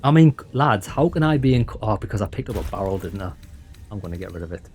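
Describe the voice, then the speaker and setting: A man's voice: fairly low pitch, fast, soft background music. Chatty man commentating a game. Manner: chatty, excitable, addresses viewers as lads. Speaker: let's play host. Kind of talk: casual gameplay commentary.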